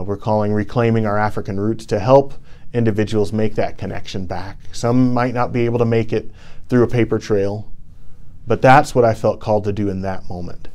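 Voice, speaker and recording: A man's voice: on the low side, darkish tone. Earnest man giving an impassioned talk. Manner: earnest, impassioned, rhythmic repetition for emphasis. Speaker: presenter. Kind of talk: TED-style inspirational talk.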